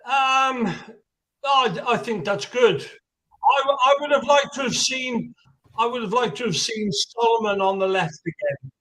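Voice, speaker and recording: A man from England who has lived in Western Australia a long time, with an English accent carrying a slight Australian twang, calling into a live stream and speaking in a hesitant, halting way. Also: very high voice, fairly bright tone. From England, living in Western Australia. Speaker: caller.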